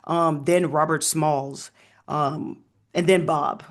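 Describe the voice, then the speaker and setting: Animated male historian, slightly high voice. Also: takes it slowly. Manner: animated storyteller with frequent ums and laughs. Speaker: historian guest. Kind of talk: casual interview conversation.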